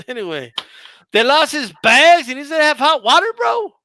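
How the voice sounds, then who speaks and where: Brief: animated, slangy show host, bright and forceful voice. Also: male voice, extremely high pitch, a little slow, dry recording. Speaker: boxing channel host. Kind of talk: casual chat.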